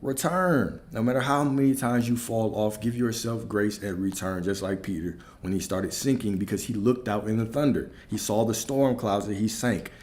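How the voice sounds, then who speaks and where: Male spiritual coach, low mellow voice, emphatic preaching with repeated lines and rhetorical questions. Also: moderate pace, hardly any pauses, slight background noise.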